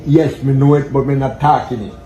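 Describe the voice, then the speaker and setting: A man's voice: mid-range voice, a little fast, slight background noise. Guy telling a story easygoing, echoey room. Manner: relaxed storytelling.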